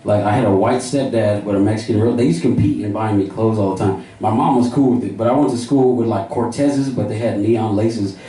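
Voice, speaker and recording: A man's voice: on the low side, a little fast, hardly any pauses, mellow. A man doing a loose stand-up set full of swearing and put-on voices. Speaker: stand-up comic. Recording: echoey club from a distance with crowd.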